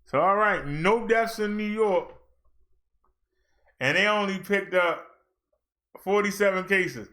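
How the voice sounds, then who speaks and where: A male minister chatting casually on a livestream, joking freely between updates. His voice sits fairly high with a bright, forward ring. He lifts with excitement whenever the news turns good. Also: takes it slowly, pauses often. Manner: chatty, jokey, excited when reading numbers.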